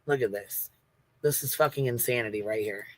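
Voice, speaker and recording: A man's voice: mid-range voice, moderate pace, no echo. A man hosting a livestream, talking bluntly in casual commentary and swearing constantly. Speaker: livestream host.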